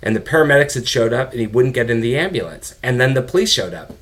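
A man's voice: mid-range voice, quick pace. Middle-aged guy telling his story straight, curses some, does everyone's voices. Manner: animated, swears, quotes people in their own voices. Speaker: guest, father of an addicted son. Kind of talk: candid conversational storytelling.

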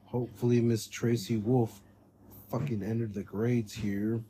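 Brief: young male co-host, relaxed mellow timbre, playful and profane, laughs a lot. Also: medium pitch, a little slow, a little hiss or hum. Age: young adult. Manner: laughs often, swears freely, joking banter. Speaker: podcast co-host. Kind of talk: casual chat.

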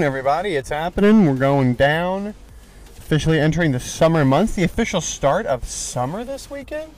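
A young man hosting a casual solo podcast while driving, rambling and joking with lots of fillers. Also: medium pitch. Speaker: podcast host. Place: car on the road. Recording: faint vehicle noise. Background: car driving noise.

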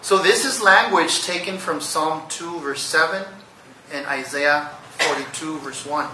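A man's voice: fairly high pitch, unhurried, reverberant, far from the mic, noisy background. A man preaching a sermon, teaching earnestly and posing rhetorical questions to his listeners. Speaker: pastor.

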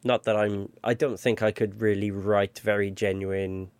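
Male podcast co-host, lowish voice, dry close sound, jokey and rambling. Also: little pitch movement, moderate pace, smooth, no room sound. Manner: joking, rambling with fillers. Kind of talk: casual chat.

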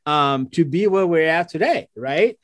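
A man's voice: fairly high pitch, lively intonation, unhurried, dry recording. A man hosting an interview in casual chat, talking loosely with many fillers and tag questions. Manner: conversational, many "you know" and "right?" fillers. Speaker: podcast host.

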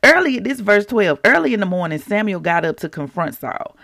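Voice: mid-range voice, big pitch swings, brisk, vocal fry, a bit bright, no echo, studio quality. A devotional podcast host, reading scripture with chatty, jokey asides. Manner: chatty, jokey asides, laughs at own slips. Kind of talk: casual Bible reading and commentary.

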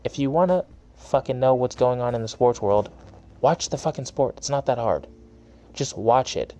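With a mellow, mid-range voice, a young man rants on his solo podcast, angry and profane in a casual, heated manner.

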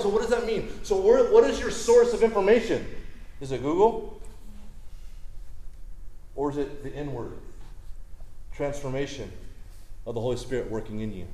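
A man's voice: a little high, normal speed, long pauses, dark tone, reverberant, poor audio. A man preaching a sermon in a casual, conversational way, often checking in with the crowd by asking "right?". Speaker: pastor.

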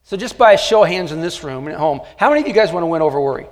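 A man's voice: fairly high pitch, animated, rapid-fire. A man preaching a sermon to a nearly empty church and an online audience, speaking in a conversational, joking way with many fillers. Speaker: pastor. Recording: long hall reverb.

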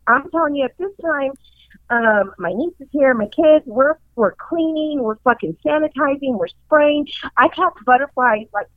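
A woman telling a story in casual chat, profane and excitable, acting out her own panicked lines. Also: fairly high pitch, dry recording. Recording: dull lo-fi dry recording.

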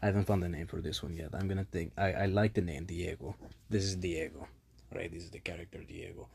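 Diego, a man putting on a soft-spoken Spaniard. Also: sits low, fairly even intonation, quick pace, vocal fry, a little hiss or hum, voice pushed down. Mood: suave. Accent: Spain Spanish. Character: suave Spanish man from Spain. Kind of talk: improvised character voice.

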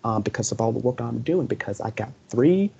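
A young man co-hosting a casual podcast, with a raspy, breathy voice and a dark, mellow tone. He is earnest and emotional and keeps circling back to the same points. The recording sounds dull and lo-fi. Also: medium pitch, lively intonation, brisk. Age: young adult. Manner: earnest, emotional, repeats himself a lot. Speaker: podcast co-host.

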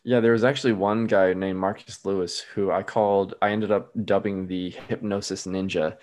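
Lively storytelling man, lowish voice. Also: normal speed. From US Midwest. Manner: lively storyteller who laughs at his own stories. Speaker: guest hypnotist. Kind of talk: casual storytelling.

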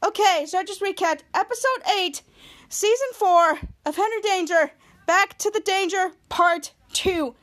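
A woman's voice: very high voice, unhurried, fairly bright tone. A woman podcast host narrating a TV episode recap in breathless play-by-play, quoting characters' lines.

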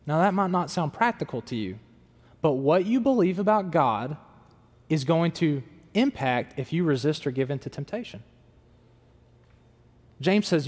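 Young male pastor, fairly high voice, casual preaching style, live church-hall reverb. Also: expressive, unhurried, long pauses, darkish tone. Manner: conversational preaching, acts out quoted self-talk. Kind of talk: sermon.

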